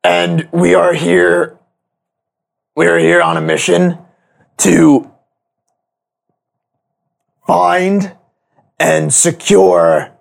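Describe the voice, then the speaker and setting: A man's voice: fairly high pitch, level tone, gravelly. A man playing his character in a tabletop game, speaking hesitantly and stumbling over his words. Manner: hesitant, halting in-character speech. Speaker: player.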